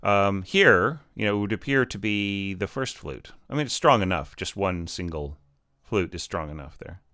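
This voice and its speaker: A man talks through a score as a teacher, rambling and encouraging, with lots of fillers and restarts. His voice is smooth and resonant, sitting a bit low, and the sound is close and dry with no room around it. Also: animated, normal speed, pushed and bright, no echo. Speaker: orchestration teacher reviewing scores. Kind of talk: casual spoken score critique.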